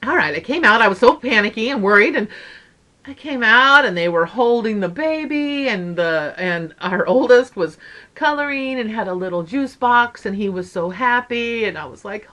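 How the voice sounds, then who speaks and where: A woman's voice: fairly high pitch, animated, moderate pace, bright, forceful tone. Middle-aged lady chatting to her stitching channel viewers, rambly and storytelling, wanders off topic. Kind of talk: casual chat to viewers.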